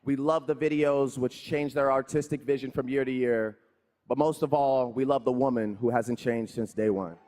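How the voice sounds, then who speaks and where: A man's voice: mid-range voice, steady tone, moderate pace, a little mellow. Male speaker, formal tribute, rhythmic lines. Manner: declamatory, rhythmic delivery. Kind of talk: scripted tribute speech.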